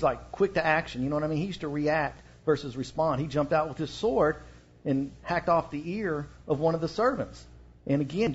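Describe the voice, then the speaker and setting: A man's voice: a little high, breathy edge. A man with a Texan accent preaching a sermon in a casual, conversational way, using slang and fillers. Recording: dull lo-fi recording.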